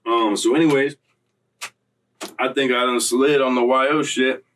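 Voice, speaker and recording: A young man casually recounting a story in street slang, animated and full of acted-out quotes, from Florida. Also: medium pitch, a little slow, recorded from a distance, a little hiss or hum. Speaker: storyteller recounting prison time.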